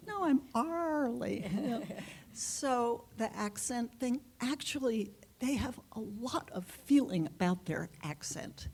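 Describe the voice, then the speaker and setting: A woman being interviewed as a guest author, answering in an unhurried, reflective way with pauses and fillers. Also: mid-range voice, darkish tone, slightly rough. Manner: unhurried, reflective, halting with fillers and light laughs.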